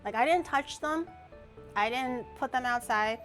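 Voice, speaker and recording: A young woman streamer chatting casually and rambling as she cooks, with loud playful outbursts. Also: sits high, a little slow, soft background music. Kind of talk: casual cooking stream chat.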